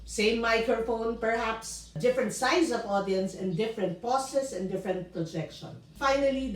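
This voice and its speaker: A woman's voice: a little high, distant mic. A woman with a Filipino accent teaching public speaking in a video lesson, talking emphatically and slipping into Tagalog now and then. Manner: emphatic, demonstrative, switches into Tagalog. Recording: echoey room, voice set back from the mic.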